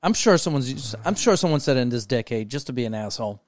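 A man's voice: medium pitch, lively intonation, fast, no echo, clean studio sound. A man co-hosting a podcast, chatting casually in a rambling way, swearing freely and trailing off mid-thought. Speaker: podcast co-host.

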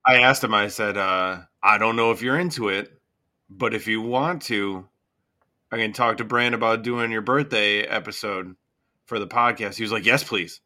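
A man hosting a music podcast in casual chat, easygoing and quick to laugh. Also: fairly low pitch, steady tone, sharp tone. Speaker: podcast host.

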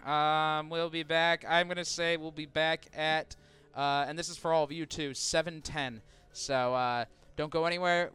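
A man's voice: fairly high pitch, sharp tone, smooth, dry recording. A man hosting a tabletop game podcast as game master, narrating loosely and casually. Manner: loose, conversational narration with fillers.

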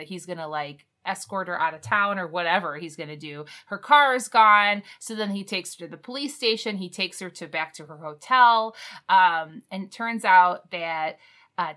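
A woman's voice: mid-range voice, bright, forceful tone. A woman co-hosting a podcast, recapping a book in loose casual chat, rambling and correcting herself as she goes. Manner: rambling, self-correcting, chatty. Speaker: podcast co-host.

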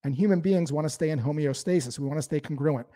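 A man explaining sales calling techniques in a lively coaching talk. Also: on the high side, fast. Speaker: sales trainer. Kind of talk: instructional talk.

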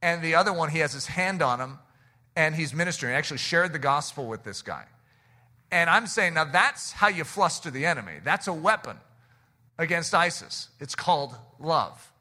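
An American pastor preaching to a congregation in a high, strikingly bright voice. His sermon is animated, rising in bursts and then sinking low and quiet for effect. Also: normal speed. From United States.

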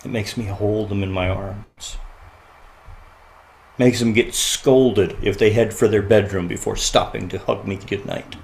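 A man's voice: on the low side, fairly even intonation, measured pace, gravelly, darkish tone, a little hiss or hum. A man who is a podcast guest, telling personal stories in an earnest, reflective way and often laughing. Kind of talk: heartfelt podcast conversation.

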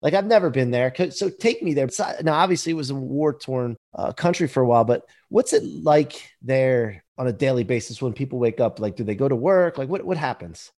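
A man hosting a casual interview, talking in a relaxed conversational way and often checking with "right?". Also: medium pitch, a little fast, few pauses. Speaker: podcast host.

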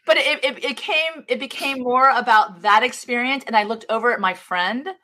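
A middle-aged woman, a guest author, telling a story in an interview in an expressive way, with many restarts. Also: fairly high pitch, normal speed. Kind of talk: storytelling in a live-streamed interview.

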